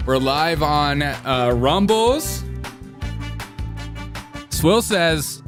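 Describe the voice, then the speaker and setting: A man's voice: mid-range voice, animated, measured pace, long pauses, over music. A man hosting a comedic live stream, full of sarcastic, jokey asides. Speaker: host.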